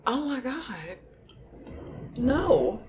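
A woman films herself eating fiery hot wings and keeps exclaiming and groaning as the spice overwhelms her. Her voice sits a little high and swings wildly in pitch. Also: background noise. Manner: exclaiming and groaning over spicy food. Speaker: mukbang vlogger. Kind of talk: casual eating vlog.

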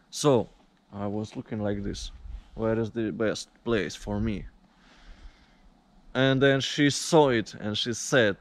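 Slow, indignant man. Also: medium pitch, fairly bright tone, dry recording. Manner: indignant, deliberate storytelling. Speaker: vlogger. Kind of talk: complaining vlog monologue.

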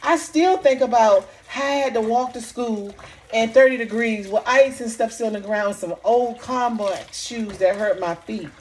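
A middle-aged woman, venting emotionally in a vlog, impassioned and repetitive, her voice sinking soft and low in the hurt parts. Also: moderate pace. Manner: impassioned, repeating herself, voice dropping low and soft when recalling hurt. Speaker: vlogger. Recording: faint background noise.

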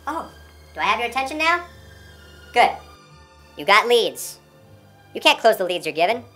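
A woman's voice: fairly high pitch, big pitch swings, moderate pace, sharp tone, faint music behind. A woman playing a brash, abusive male sales boss from the North Pole in an amateur comedy parody, swaggering and berating.

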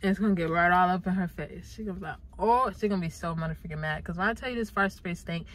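A woman's voice: lowish voice, quick pace, a bit bright, low-quality recording. A young adult woman talking casually and playfully to her viewers in a vlog, with lots of slang and swearing. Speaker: YouTuber.

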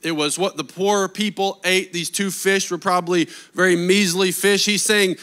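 A man delivering a sermon with a high-pitched, sharp and forceful voice. He preaches with energy and pushes his listeners with rhetorical questions. His delivery is animated. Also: normal speed, hardly any pauses. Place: church service.

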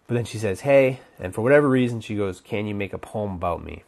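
A man's voice: on the low side, fast, creaky, darkish tone. A man coaching on dating, giving casual advice while thinking aloud, with many restarts and fillers. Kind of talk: casual instructional talk.

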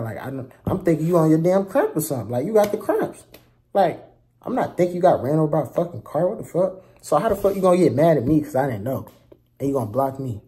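A man's voice: fairly high pitch, animated, fairly quick, dark tone. A young man ranting through a story for his viewers, heated and slangy, with heavy profanity and frequent asides to the audience. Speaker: vlogger telling a story. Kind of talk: casual storytime rant.

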